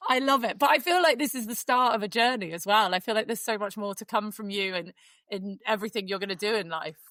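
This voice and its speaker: A woman's voice: medium pitch, fast talker, pushed and bright, no echo. Chatty woman host, gushy, mid voice, dry close mic. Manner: effusive, gushing. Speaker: podcast host. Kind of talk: casual chat.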